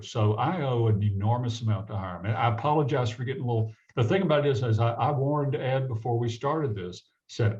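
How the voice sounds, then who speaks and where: A man from the American South tells a personal story as a guest, acting out the people in it with lively shifts. His voice sits in a middle pitch. The recording is dull and lo-fi. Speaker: guest physician. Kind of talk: storytelling in a conversation.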